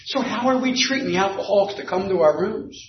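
A man telling an animated story to a recovery meeting group, building to shouts at the big moments. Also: sits high, brisk, slight background noise. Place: meeting room. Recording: echoey room, distant dull mic.

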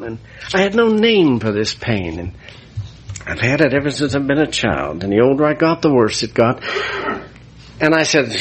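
A man's voice: a little high, normal speed, breathy edge. A man, a priest, giving an emotional personal testimony about his recovery. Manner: emotional, animated storyteller.

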